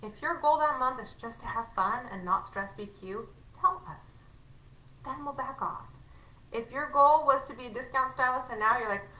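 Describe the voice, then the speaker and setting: A woman's voice: on the high side, normal speed, sharp tone, echoey room, poor audio. A woman leading a sales team, giving a candid and emphatic training talk in casual language, sometimes acting out conversations. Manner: candid, emphatic, acts out quoted exchanges.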